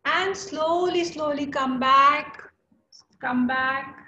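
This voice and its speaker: A young woman with an Indian English accent leading a chair yoga class, encouraging students by name with slow, steady cues. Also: high-pitched, echoey room, lo-fi sound, slight background noise. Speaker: yoga instructor.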